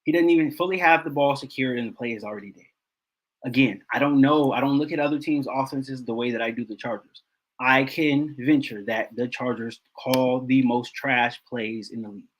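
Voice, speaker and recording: A man's voice: medium pitch, moderate pace, rough recording. A man hosting a football film breakdown, talking casually and repeating himself in exasperation.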